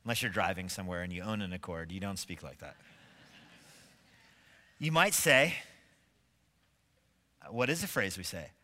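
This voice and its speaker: Emphatic pastor with a bright voice. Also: male voice, low voice, lively intonation, normal speed, long pauses, in a large hall. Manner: emphatic, building to forceful stresses; asks rhetorical questions of the congregation. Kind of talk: sermon. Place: church sanctuary.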